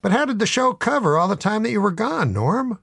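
Guy doing a quick eager interviewer, higher pitched, dry close sound. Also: very animated, vocal fry, a bit bright, breathy edge, no echo, exaggerated voice. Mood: curious. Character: curious male interviewer prodding the teller.

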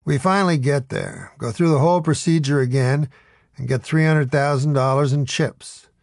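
A man's voice: on the high side, moderate pace, creaky, no room sound, studio quality. A man narrating a first-person audiobook story in a wry, storytelling manner.

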